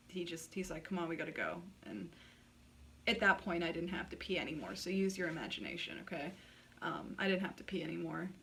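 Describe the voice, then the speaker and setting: Woman vlogging straight to camera, blunt n sweary, says like constantly, voice on the lower side. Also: a bit bright, distant mic. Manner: blunt and frank, swears freely, many filler likes. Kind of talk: candid personal storytelling.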